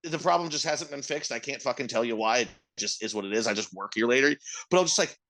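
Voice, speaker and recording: A man's voice: medium pitch, expressive, fast, a bit bright. A middle-aged man on a casual podcast, telling a work story as a profane, ranting storyteller. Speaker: podcast co-host, restaurant manager.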